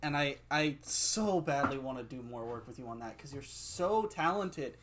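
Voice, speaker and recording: A man's voice: mid-range voice, animated, normal speed, background noise. A young man in a casual chat, enthusiastic and given to swearing. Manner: enthusiastic and profane.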